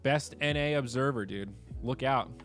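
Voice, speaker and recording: A man hosting a casual livestream chat, animated and swearing, moving between low mutters and excited outbursts. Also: normal speed, faint music behind. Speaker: streamer host.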